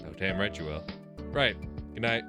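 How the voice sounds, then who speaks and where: A man's voice: deep voice, normal speed. Foul-mouthed man playing a visual novel. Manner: swears freely, laughs, reacts loudly to scares. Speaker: let's play host. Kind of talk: casual gaming commentary and reading game text aloud. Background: game music.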